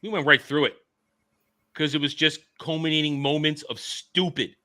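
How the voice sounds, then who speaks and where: A man hosting a casual commentary podcast, talking in an animated, sarcastic way and mocking what others say. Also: fairly high pitch, moderate pace. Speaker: podcast host.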